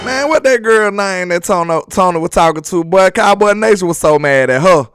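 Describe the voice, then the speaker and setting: A man's voice: high-pitched, animated, moderate pace, a bit bright, faint music behind. A man hosting a casual sports live stream, reading viewer comments aloud in a loose, slangy, repetitive way and laughing often.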